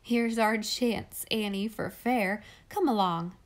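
A woman's voice: medium pitch, takes it slowly, close to an everyday voice. A woman voicing a hearty, bantering young man in a read-aloud storybook. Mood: jolly. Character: cheerful joking young man.

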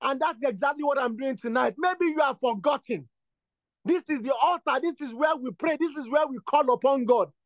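A man's voice: very high-pitched, moderate pace, dry recording, lo-fi sound. A man leading a prayer session, preaching and praying in an insistent, repetitive way that builds to fervent bursts. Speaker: prayer leader. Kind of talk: exhortation and spoken prayer.

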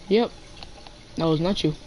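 A man's voice: a little high, darkish tone, a little hiss or hum, low-quality recording. A teenage boy chatting casually while playing a video game, playful and talking to the animals in the game. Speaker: gamer. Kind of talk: casual gameplay chat.

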